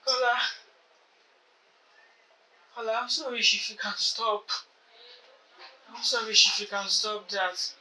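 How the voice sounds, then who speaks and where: A young man, playing a weak student in a hospital bed who pleads in a halting way and repeats himself. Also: high voice, fairly even intonation, sharp tone, full character voice, rough recording. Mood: pleading. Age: young adult. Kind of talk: film acting.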